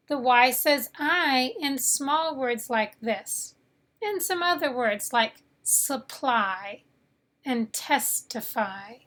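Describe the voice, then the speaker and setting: A woman teaching English phonics, saying each sound slowly and clearly and repeating it. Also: high voice, bright, forceful tone. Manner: slow, carefully enunciated, repeats each sound. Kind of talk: slow phonics lesson.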